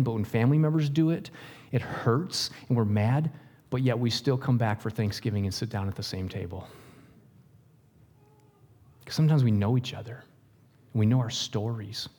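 A male pastor preaching a sermon in an animated way, with jokes and questions to the congregation. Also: medium pitch, in a large hall.

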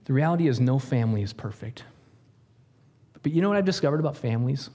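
A male pastor preaching a sermon in an animated way, with jokes and questions to the congregation. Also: mid-range voice, fast talker, big-room sound.

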